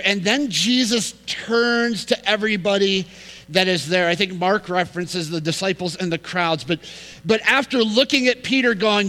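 A man's voice: sits high, moderate pace, pushed and bright, big-room sound, poor audio. A man preaching a sermon as pastor, telling a story, reading scripture and building emphasis as he explains it.

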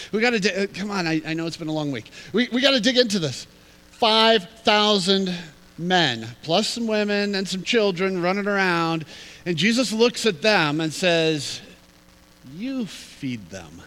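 A man preaching a sermon in an animated, humorous, conversational way. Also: high-pitched, rough recording. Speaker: pastor.

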